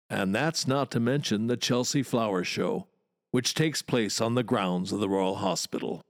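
A man's voice: mid-range voice, vocal fry, dry recording, studio quality. A man hosting a history podcast, narrating in a wry, chatty storyteller's manner with playful asides. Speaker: podcast host and walking tour guide.

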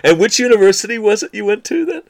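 A man's voice: high-pitched, big pitch swings, quick pace. Chatty male interview host. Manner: chatty, playful, with frequent backchannels. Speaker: podcast host interviewing a tour guide. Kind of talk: casual interview chat.

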